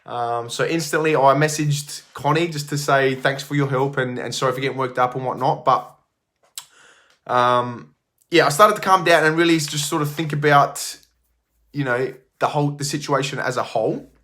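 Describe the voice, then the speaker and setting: A man's voice: medium pitch, moderate pace, a bit bright. A middle-aged man, telling a story casually to camera as a gym owner, rambling with many fillers and restarts.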